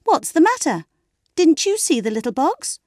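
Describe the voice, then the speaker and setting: A woman reading a storybook aloud and voicing a squeamish teenage girl who speaks in a clear, penetrating voice and wails. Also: sits high, sing-song, moderate pace, a little mellow, dry recording, studio quality, voice pushed up. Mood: indignant.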